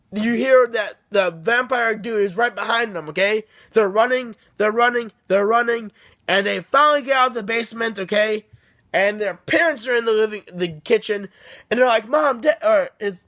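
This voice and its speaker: A man with a notably high-pitched voice talks through a story recap in loose, casual fashion. He restarts his sentences often and keeps tagging them with a questioning "okay?" to check in with the listener. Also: a bit bright. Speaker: book reviewer.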